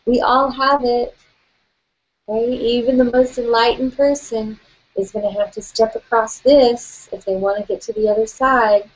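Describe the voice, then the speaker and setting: A woman leads a guided tapping session at an unhurried pace, her voice sitting a little high. She speaks gently and playfully, often laughing. The sound is dull and slightly lo-fi.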